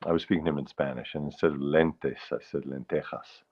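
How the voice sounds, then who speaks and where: A livestream host with a bass voice talks fast in a steady tone, and the audio sounds dull. He chats casually and rambles, reading viewers' comments out loud.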